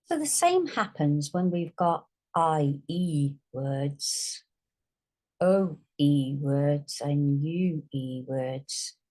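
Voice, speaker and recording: A woman teaches a phonics lesson at a very unhurried pace. She draws out each vowel as she sounds words out. Her voice sits fairly low. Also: expressive, darkish tone. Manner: slow, drawn-out sounding out of words.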